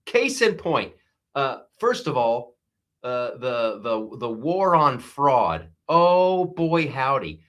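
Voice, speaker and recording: Bright-voiced comedian riffing excitedly. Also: male voice, medium pitch, takes it slowly. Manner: excitable, riffing, with frequent fillers. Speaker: stand-up comedian hosting a live stream. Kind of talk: casual comedic commentary.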